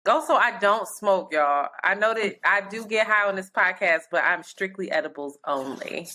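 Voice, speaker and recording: A woman's voice: medium pitch, normal speed, sharp tone. A woman co-hosting a podcast, chatting casually in a candid, loose way with frank swearing. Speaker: podcast co-host. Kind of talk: casual chat.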